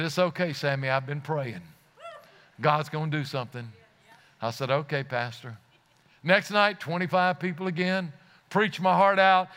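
A man's voice: fairly high pitch, sharp tone, clear, resonant tone. A man preaching a sermon, telling a story earnestly and rising to fervent exclamations, often repeating words as he starts a phrase.

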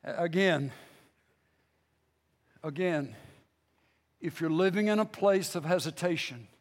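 In a large hall, a male pastor delivers a passionate sermon, repeating phrases and restarting himself as he swings between loud outbursts and hushed lines. His voice is on the high side and his delivery is slow.

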